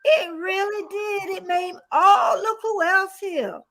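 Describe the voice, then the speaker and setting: A woman's voice: extremely high pitch, slow pace, pushed and bright. A woman in her sixties hosting a casual livestream celebration, effusive and emotional, often exclaiming and laughing. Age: 60s. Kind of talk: casual chat.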